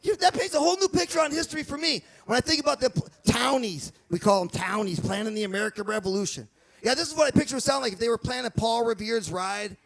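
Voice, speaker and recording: A man's voice: extremely high pitch, fast, vocal fry, a bit bright. A middle-aged man with a Boston accent doing a rambling, chatty stand-up comedy set, swearing now and then. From Michigan. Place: outdoor farm stage before a live crowd.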